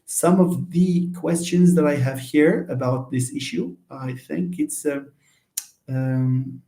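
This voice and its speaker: Male lecturer, mellow tone, hesitant with restarts, echoey room. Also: a little high, takes it slowly, gravelly. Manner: hesitant, many fillers and restarts, explanatory. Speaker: linguistics lecturer. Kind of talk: live online lecture on syntax.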